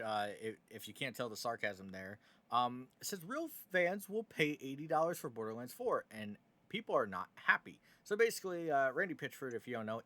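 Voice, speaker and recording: A man's voice: fairly low pitch, bright, forceful tone. A man hosting casual gaming news commentary, opinionated and sarcastic, with many fillers.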